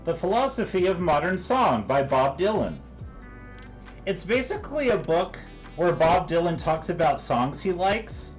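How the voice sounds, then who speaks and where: A man's voice: on the high side, very animated, unhurried, faint music behind, low-quality recording. A man streaming live from his kitchen while crafting, chatting in a rambling, joking way. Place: home kitchen.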